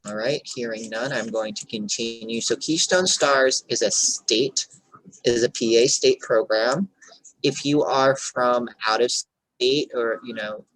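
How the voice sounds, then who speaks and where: A man, a childcare director, giving an earnest, explanatory online workshop over a video call and pausing to check for questions. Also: mid-range voice, fairly bright tone, no echo, rough recording.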